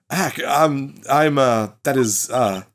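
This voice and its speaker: A man's voice: slow, close to an everyday voice. A man voicing a bubbly, ditzy young female college student in a put-on Valley Girl accent, full of "like". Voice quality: high, breezy, filler-heavy "like" talk.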